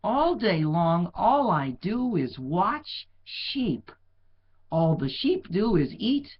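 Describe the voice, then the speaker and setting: A man's voice: high-pitched, very animated, breathy edge, voice pushed up, heavily acted. A man voicing a bored young shepherd boy in a storybook reading, drawing out his complaints. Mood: bored whine. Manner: drawn-out, exaggerated complaining. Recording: dull lo-fi recording.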